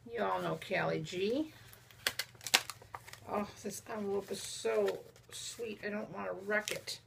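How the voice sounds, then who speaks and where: A woman's voice: mid-range voice, unhurried, vocal fry, very noisy. A woman chatting casually as she opens mail from friends, cooing over each gift and talking to the viewers and the objects as she unwraps them. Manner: chatty, cooing and gushing over small gifts. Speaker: vlogger opening mail from friends. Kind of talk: casual unboxing chat.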